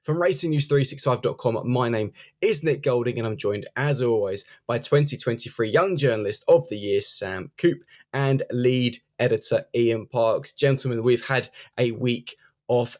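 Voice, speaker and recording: A man hosting a podcast, reading a scripted intro and then asking his guests questions in a measured way. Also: medium pitch, darkish tone. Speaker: podcast host.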